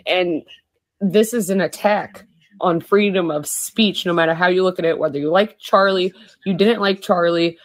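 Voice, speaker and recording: A woman giving an earnest, measured personal statement to her followers. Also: fairly low pitch. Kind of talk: personal social media statement.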